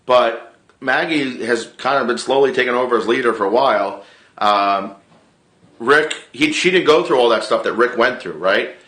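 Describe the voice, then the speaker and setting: Casual male vlogger, animated, bright voice, echoey room. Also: mid-range voice, moderate pace. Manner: animated, re-enacts his own reactions, swears freely. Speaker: TV show reviewer. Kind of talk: casual excited recap vlog.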